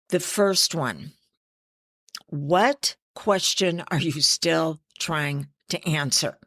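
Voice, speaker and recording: A middle-aged woman hosting a self-help podcast, talking earnestly through personal-growth steps and stories from her own life, with emphatic asides. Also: deep voice. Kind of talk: reflective personal-growth monologue.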